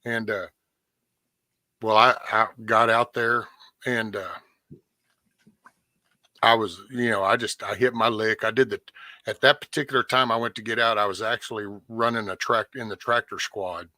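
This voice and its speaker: A man with a bright, forceful voice tells a rambling story, swearing freely and jumping up in pitch when he acts out other people. The sound is dry and close. He talks in a casual, unscripted way to a guest. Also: steady tone, moderate pace, long pauses, no room sound. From Texas. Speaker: podcast host.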